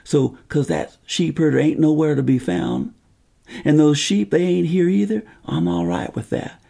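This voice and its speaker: A man playing a lone, homesick cavalry sergeant on patrol, speaking in a slow, folksy, plainspoken way. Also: a little high, sing-song, warm tone, heavily acted. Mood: peaceful. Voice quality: gravelly, husky voice. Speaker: historical character monologue. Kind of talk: first-person historical monologue.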